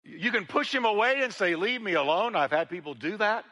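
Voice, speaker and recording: A male pastor preaching a sermon to his congregation, swinging between loud emphasis and hushed, intimate passages, often repeating words as he builds. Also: high-pitched, very animated, fairly quick, in a large hall. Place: church sanctuary.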